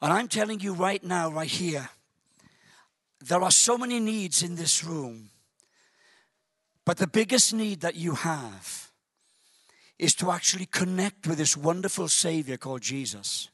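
A high-pitched man preaching a sermon in a church hall. His delivery is dramatic and unhurried, and he calls out to the congregation and bursts into shouts. The sound is dry and close. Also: animated, slightly rough.

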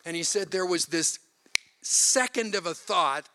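A man's voice: high voice, unhurried, bright, forceful tone. A man preaching a sermon, animatedly retelling a story with quoted voices. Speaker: pastor.

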